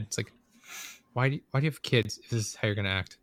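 A man's voice: lowish voice, quick pace, a bit bright, dry recording, studio quality. A man in casual chat, rambling and swearing as he vents about a coworker. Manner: profane, venting, rambling storyteller.

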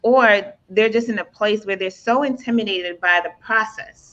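A woman's voice: medium pitch, moderate pace, a bit bright. A woman hosting a casual interview, asking long, thoughtful questions with many fillers. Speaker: interview host. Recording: dull lo-fi audio.

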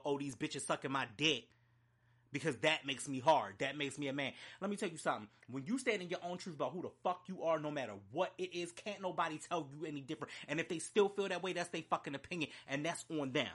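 A man's voice: a little high, fast talker, fairly bright tone, slightly rough. A man reviewing an album in an unscripted, emotional rant, talking in a profane, heated and emphatic way. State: choked up. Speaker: music reviewer.

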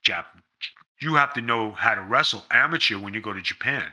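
A man's voice: fairly low pitch, fairly quick, pushed and bright. A man being interviewed, talking in a blunt, emphatic way and swearing freely. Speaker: interview guest, former pro wrestler. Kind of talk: casual interview storytelling.

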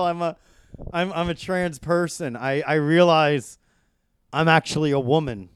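A man co-hosting a podcast in casual chat, blunt and quick to laugh. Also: fairly high pitch, clear, resonant tone. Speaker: podcast co-host.

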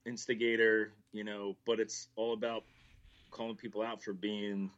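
A man's voice: fairly low pitch, little pitch movement, moderate pace, fairly bright tone, muffled recording. A male co-host in casual talk show chat, laid-back and easygoing, on a remote line.

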